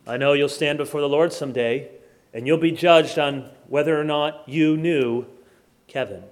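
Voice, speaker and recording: A man preaching a sermon, firing rhetorical questions and swinging between loud emphasis and hushed asides. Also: on the high side, moderate pace. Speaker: pastor.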